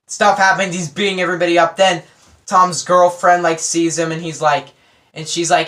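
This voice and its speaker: A man giving a rambling, excitable spoiler review of a movie, full of fillers and acted-out quotes. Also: a little high, moderate pace.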